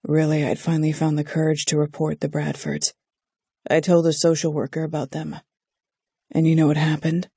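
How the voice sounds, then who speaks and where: A haunted, protective young man who speaks low and clipped, as an audiobook narrator plays him. The gravelly, husky voice is dark and mellow. It is recorded close and completely dry. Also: completely flat delivery, moderate pace, dry recording. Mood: bitter. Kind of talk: audiobook character voice.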